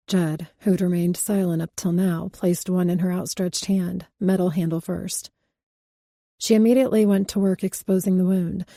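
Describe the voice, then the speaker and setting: Brief: woman audiobook narrator, steady read, low and mellow, dry studio sound. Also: dry recording.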